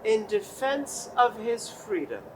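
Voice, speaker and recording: An actress in a stage play playing a dazed, obedient grown son who repeats words in a flat, mechanical way. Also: female voice, on the high side, takes it slowly, slight background noise, poor audio.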